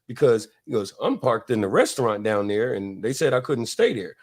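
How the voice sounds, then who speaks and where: A Florida man hosts a casual podcast, telling rambling stories packed with fillers, restarts and laughter. His mid-range voice is sing-song and darkish in tone, moving at normal speed.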